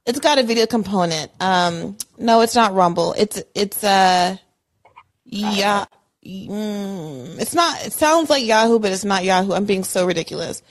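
A woman hosting a casual podcast chat from home over a call app, rambling and self-interrupting, jumping from loud outbursts to quiet mumbles. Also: mid-range voice, a little slow. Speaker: podcast host. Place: home apartment. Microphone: remote call audio.

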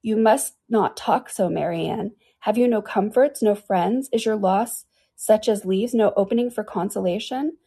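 Woman reading a solemn, steady elder sister. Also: medium pitch, vocal fry, breathy edge. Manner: solemn, measured, gently urging. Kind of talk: audiobook dialogue reading.

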